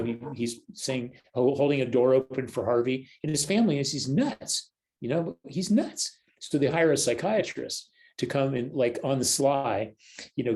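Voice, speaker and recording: Older man, from the US, podcast guest, casual storytelling, animated, medium pitch. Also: poor audio. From United States. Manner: animated storyteller who acts out quoted voices. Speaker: guest, counselor and church leader.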